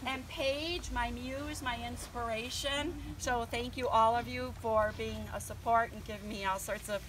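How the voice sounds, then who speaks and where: A woman's voice: on the high side, fairly even intonation, unhurried, noisy background. An older woman giving a casual, nervous speech at her book launch party, thanking family and friends with lots of ums. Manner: chatty and nervous, with frequent um and laughs.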